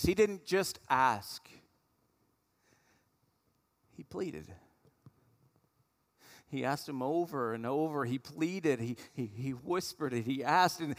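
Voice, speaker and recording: Pastor guy preaching, kinda high voice, chatty storytelling, big echoey hall. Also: a bit bright. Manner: conversational storytelling, acting out voices of the people in the story. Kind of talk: sermon. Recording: long hall reverb.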